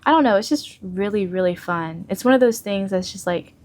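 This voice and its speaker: A woman's voice: mid-range voice, brisk, a little mellow. A woman in her twenties from the Mississippi Gulf Coast, a local news reporter chatting as a podcast guest, giggly and full of fillers. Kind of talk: casual podcast interview.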